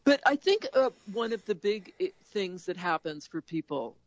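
A woman in casual podcast chat about embroidery, animated and laughing often as she acts out inner voices. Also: medium pitch, moderate pace, no room sound.

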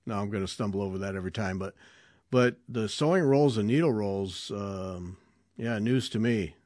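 A man's voice: fairly low pitch, moderate pace, darkish tone, no echo, studio quality. A man hosting a needlework podcast, chatty and enthusiastic, joking with his guest. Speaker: podcast host. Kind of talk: casual interview chat.

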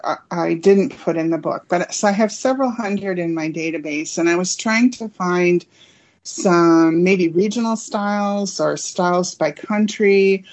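A woman's voice: on the low side, darkish tone. A woman interviewed as an author and collector, friendly and a bit hesitant, with frequent ums. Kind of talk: casual interview chat.

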